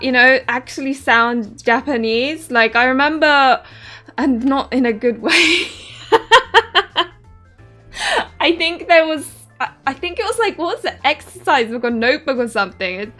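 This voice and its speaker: A young woman with a sharp, bright and fairly high voice chats casually as she plays through a game, giggling between thoughts. Soft game music runs quietly behind her. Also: normal speed. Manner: chatty, giggly, talks while playing. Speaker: otome game streamer and reviewer.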